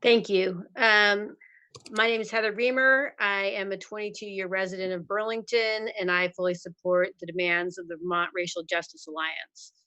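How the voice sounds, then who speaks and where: A woman making a short, halting public comment at a council meeting over a remote line. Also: medium pitch, fairly even intonation, sharp tone, no room sound, muffled recording. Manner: brief, plain, many "um"s. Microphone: remote call-in.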